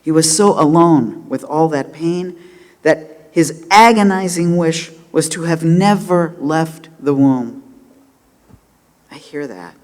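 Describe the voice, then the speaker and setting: Man, sermon, impassioned, loud-to-hushed swings, fairly high voice, long hall reverb. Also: takes it slowly. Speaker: rabbi giving a holiday sermon.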